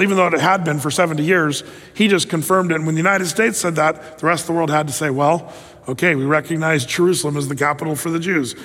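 A man giving a sermon-style Bible teaching, conversational and animated, often acting out quoted voices. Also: high voice, big-room sound.

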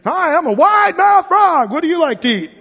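A man voicing a cheerful male wide mouth frog in a joke, with a high squeaky put-on voice. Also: sing-song, normal speed, fairly bright tone, big-room sound, lo-fi sound, full character voice. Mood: chirpy.

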